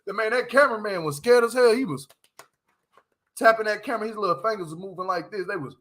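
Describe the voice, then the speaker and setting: High-voiced man doing casual show commentary. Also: quick pace, a bit bright. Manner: loose slangy banter, frequent laughing. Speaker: reality show recap host.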